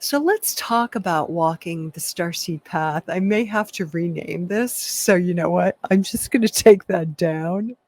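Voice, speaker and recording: A woman's voice: fairly low pitch, animated, unhurried, few pauses, a little mellow. A woman leading a prerecorded spiritual workshop talk, reflective and self-deprecating, laughing often. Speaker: workshop leader.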